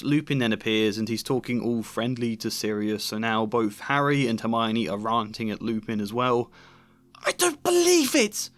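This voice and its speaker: Male video essayist, analytical, a little exasperated, mid pitch. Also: fairly bright tone. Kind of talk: book critique commentary.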